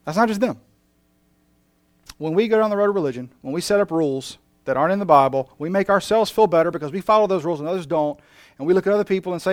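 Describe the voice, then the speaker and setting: A male pastor preaching a passionate sermon, moving between emphatic lines and quiet ones. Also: high-pitched, quick pace, no echo, studio quality.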